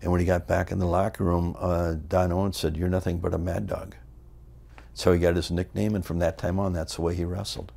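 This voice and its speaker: A man's voice: quick pace, creaky, few pauses. An older American man, a former wrestler, telling stories in a shoot interview and acting out the people in them. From United States. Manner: animated storyteller, acts out the people in his stories in loud high voices.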